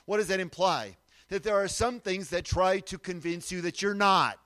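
A man preaching a sermon, emphatic, moving between loud declarations and quiet asides and asking the audience to answer back. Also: high voice, moderate pace, no room sound. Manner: asks the audience questions and has them repeat after him.

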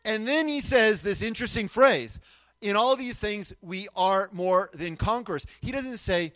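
High-voiced man preaching emphatically. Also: lively intonation, a little slow, dry recording. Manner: emphatic, swings from loud declarations to quiet asides; asks the audience questions and has them repeat after him. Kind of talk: sermon.

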